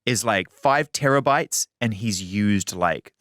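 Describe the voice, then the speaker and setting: A middle-aged man hosting a studio interview, animated and swearing casually. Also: on the low side, takes it slowly, dry recording. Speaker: interview host.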